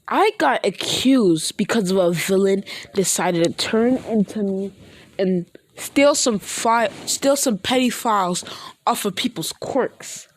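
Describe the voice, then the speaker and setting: A woman's voice: mid-range voice, animated, takes it slowly. A woman voicing a wrongly accused teenage boy hero who sounds upset and pleading.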